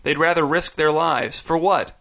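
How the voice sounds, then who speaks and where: A man's voice: fairly high pitch, normal speed, vocal fry, pushed and bright. A man voicing an anxious, stubborn young wife who insists on what she wants, in an audiobook reading. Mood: insistent, uneasy. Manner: insistent, worried. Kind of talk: audiobook narration.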